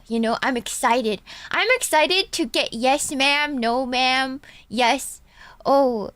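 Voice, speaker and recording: A woman's voice: sits high, fairly bright tone, no echo. A woman from Texas who streams, chatting casually with viewers, thanking donors and breaking into song.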